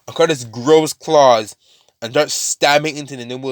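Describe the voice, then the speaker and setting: A man's voice: medium pitch, fairly even intonation, moderate pace, no room sound, clean studio sound. A man casually retelling a fan-made story, rambling with many fillers and restarts.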